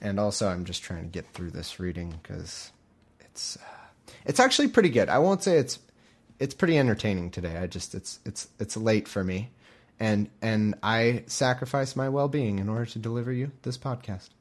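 A man hosting a podcast who reads scripture aloud and keeps breaking off for jokey, rambling asides. He is wired on caffeine, interrupts himself often, and his lively pitch swings widely. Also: a little fast. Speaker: podcast host. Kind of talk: comedic scripture reading with asides.

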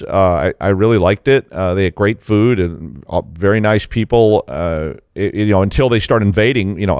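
A man's voice: on the low side, smooth, no room sound, clean studio sound. A middle-aged man hosting a casual tech news commentary, wry and sarcastic, rambling with stutters and restarts. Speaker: tech news show host.

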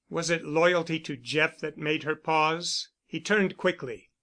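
A man narrating a novel as an audiobook reader, in a measured, even storytelling manner. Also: fairly high pitch.

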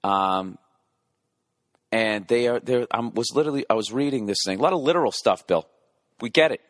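A man's voice: mid-range voice, expressive, moderate pace, dry recording, clean studio sound. A man in his forties doing a rambling, profane comedic monologue, often interrupting and correcting himself. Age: 40s.

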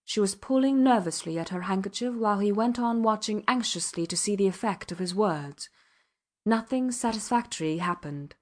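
This is a female audiobook narrator working through a classic novel from a script. She speaks at medium pitch with a calm, even, measured pace.

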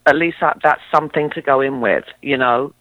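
An English actress in her fifties with a mid-Atlantic accent, telling stories in a casual interview. She is animated and uses many fillers and restarts. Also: rumbling low, fairly quick, no room sound. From England. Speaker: actress guest. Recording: dull, dry lo-fi recording.

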